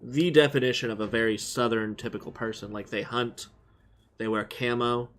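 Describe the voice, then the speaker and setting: A man's voice: mid-range voice, fairly even intonation, normal speed, a little hiss or hum. A man streaming a video game, chatting casually and rambling as he thinks aloud. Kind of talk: casual live-stream chat.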